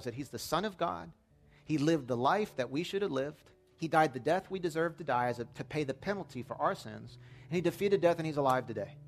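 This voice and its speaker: A man preaching a sermon as pastor, telling stories in a casual, lightly humorous way. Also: a little high. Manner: conversational storytelling with light humor.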